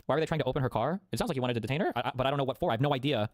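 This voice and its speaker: A man's voice: medium pitch, very fast, slight background noise. A man live-streaming, arguing with his chat in a profane, argumentative way while thinking aloud. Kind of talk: live reaction commentary.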